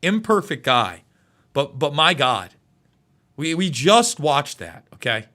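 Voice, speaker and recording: An emotional male host talks through live news commentary, tripping over his words and repeating himself. His voice sits high and swings widely in pitch, with a bright, forceful edge. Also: big pitch swings, slow.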